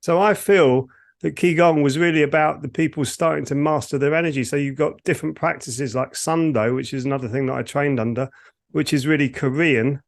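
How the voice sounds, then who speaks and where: Gravelly-voiced man explaining Ki Gong. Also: a little high, brisk. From United Kingdom. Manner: rambling, self-correcting explanations. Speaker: Ki Gong teacher and co-host. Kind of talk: casual podcast explanation.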